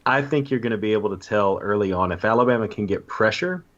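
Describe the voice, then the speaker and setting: A man's voice: fairly low pitch, quick pace, fairly bright tone, muffled recording. A man from the Southern US, co-hosting a sports podcast with agreeable, laid-back comments. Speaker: podcast co-host. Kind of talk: casual sports chat.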